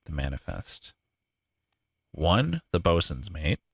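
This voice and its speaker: Deep-voiced man thinking aloud on stream. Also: sing-song, slow pace, creaky, breathy edge, no echo. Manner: thinking aloud, profane, laughs often. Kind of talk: live gameplay commentary.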